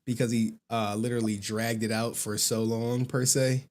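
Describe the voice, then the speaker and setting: A man's voice: mid-range voice, normal speed. A young adult man hosting a livestream in casual chat. He laughs often, swears freely, and tells stories with animation. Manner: laughing, profane, animated storytelling. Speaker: livestream host.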